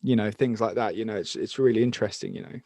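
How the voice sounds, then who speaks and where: A male musician guest in casual chat, relaxed and casually profane. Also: fairly low pitch, fast, no room sound. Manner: laid-back, swears casually.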